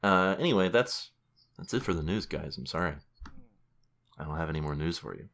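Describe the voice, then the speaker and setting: A man's voice: sits low, lively intonation, fairly quick, fairly bright tone. A young man hosting a casual podcast, rambling and jokey as he goes through the news. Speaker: podcast host. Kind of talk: casual chat.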